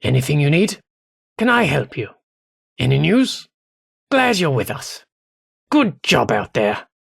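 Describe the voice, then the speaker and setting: An actor playing a gruff British soldier loyal to the Queen in a game, barking military commands. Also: a little high, wildly swooping pitch, a little slow, no echo, studio quality, exaggerated voice. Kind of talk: game voice lines.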